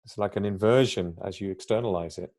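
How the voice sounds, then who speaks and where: A man's voice: lowish voice, a little fast, darkish tone. A man speaking as a guest on a podcast, explaining his ideas at length in a reflective, conversational way and sometimes acting out quoted remarks.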